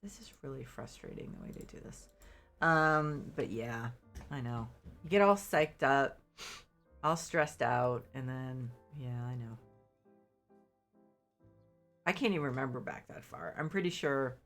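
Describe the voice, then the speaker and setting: A woman's voice: extremely low pitch, moderate pace, a bit bright, faint music behind. A middle-aged woman who sounds congested and sniffly, chatting with her stream viewers in a rambling, apologetic way full of fillers. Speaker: game streamer. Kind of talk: casual chat with stream viewers while playing.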